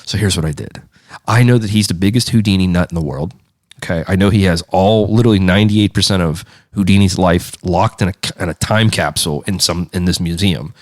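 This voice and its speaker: A man's voice: low voice, brisk, dry recording, clean studio sound. A man from Pittsburgh in the United States, a podcast guest, telling a story in a casual way, acting out the people he quotes and swearing freely. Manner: animated, acts out quoted voices, swears freely.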